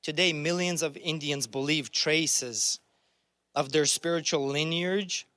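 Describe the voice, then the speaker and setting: A man's voice: on the high side, steady tone, a little slow, pushed and bright, dry recording. A man preaching a sermon in an earnest, conversational way, often restarting his phrases. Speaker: pastor.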